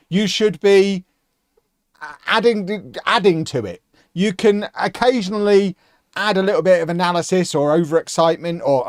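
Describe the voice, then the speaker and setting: Man, sarcastic, live-stream chat, lively swings in pitch, dry close sound. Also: no room sound. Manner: sarcastic, animated, quick to laugh. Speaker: streamer and football commentator.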